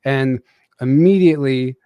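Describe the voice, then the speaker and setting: A man's voice: medium pitch, measured pace, clear, resonant tone, dry recording, highs cut off. A man telling a personal story as a podcast guest, casually, with many fillers and restarts.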